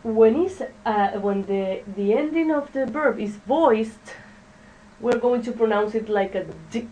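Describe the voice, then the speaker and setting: A fairly high-voiced woman leads a classroom pronunciation drill, talking very slowly and haltingly and asking the class to repeat words. She is picked up from a distance in the room. Faint noise sits under her voice. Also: expressive, warm tone. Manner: slow, halting, checks in with "okay?" and has the class repeat words. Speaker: English teacher.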